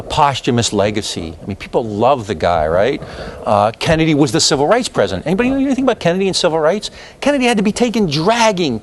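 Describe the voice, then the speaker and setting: A man giving a university history lecture in an animated, opinionated, conversational way, full of fillers and restarts. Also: medium pitch, slight background noise. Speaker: history professor. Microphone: lecture hall recording.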